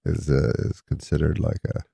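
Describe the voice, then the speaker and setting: A male comedian telling a rambling anecdote in a deadpan, halting way, chuckling and restarting as he goes. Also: a bass voice, creaky, husky, no room sound, clean studio sound. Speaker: comedian guest.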